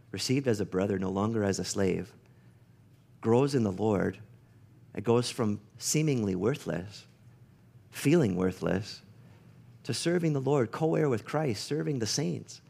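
A middle-aged man preaching a sermon as pastor, telling stories with lively acted-out quotes. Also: on the low side, gravelly. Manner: animated storytelling, acts out quoted voices.

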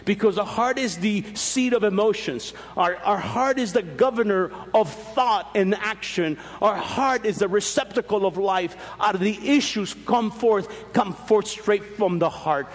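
A man's voice: measured pace, hardly any pauses, long reverb tail. A man preaching a sermon as pastor, swinging his voice up and down as he explains scripture. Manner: preaching with sweeping rises and drops in pitch.

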